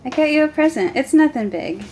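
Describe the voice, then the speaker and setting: A woman's voice: sits high, lively intonation, a little fast, a little mellow, slight background noise. A young American woman vlogging at home in her kitchen, chatting casually and using doting baby-talk with her toddler. She is pregnant and sounds close to tears in places. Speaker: family vlogger.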